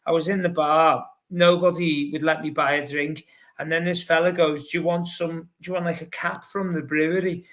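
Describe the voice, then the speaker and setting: A man's voice: on the high side, normal speed. Chatty Scouse man telling stories. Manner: lively, rambling, heavy with fillers like "you know". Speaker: podcast guest, long-distance runner. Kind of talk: casual anecdotal storytelling.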